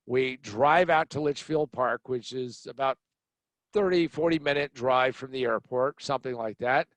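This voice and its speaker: Blunt, animated male storyteller. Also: mid-range voice, normal speed, dry recording. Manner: animated, blunt, acts out other people's lines. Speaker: podcast host telling a personal story. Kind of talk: storytelling monologue.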